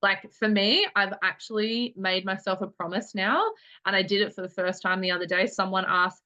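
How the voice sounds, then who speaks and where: A woman leading a casual team meeting, talking quickly in a chatty way with lots of filler words. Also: medium pitch, fairly even intonation, bright, forceful tone, lo-fi sound. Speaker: network marketing team leader.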